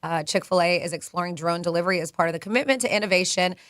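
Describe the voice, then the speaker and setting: A woman's voice: lowish voice, very fast, a bit bright, no echo, studio quality. A woman co-hosting a radio show, chatting about news and running a call-in contest in an upbeat manner, laughing easily. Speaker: radio co-host. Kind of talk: morning radio chat and contest promo. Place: radio studio. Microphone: studio mic.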